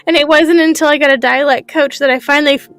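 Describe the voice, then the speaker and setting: A woman's voice: high voice, steady tone, fast talker, fairly bright tone. A woman chatting on a podcast in an easygoing way, often laughing along. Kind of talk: casual podcast chat.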